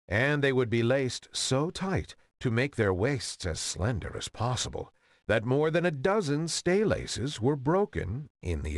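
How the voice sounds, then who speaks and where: A man narrating an old fairy tale in an expressive, old-fashioned reading style. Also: mid-range voice, no echo, studio quality. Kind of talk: storybook reading.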